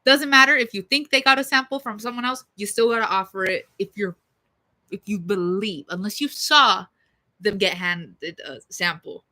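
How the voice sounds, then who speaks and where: A young woman with a bright, forceful voice tells a story on her livestream. She rants in a loose, profane, blunt way, full of "like" and "y'all." Her delivery stays casual and fired up. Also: medium pitch, moderate pace. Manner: heated, profane and blunt, with lots of fillers.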